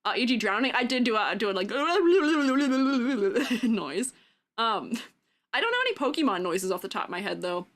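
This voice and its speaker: A young woman streamer in casual chat, giggling often and breaking into silly yells and cartoonish sound-effect noises. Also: mid-range voice, very animated, rapid-fire, hardly any pauses.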